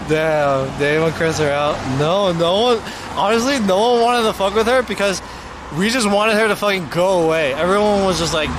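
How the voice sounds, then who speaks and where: A young man streaming live, telling a story in a slangy, profane, animated way. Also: a little high, moderate pace. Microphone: mobile streaming mic. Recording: loud street and traffic noise.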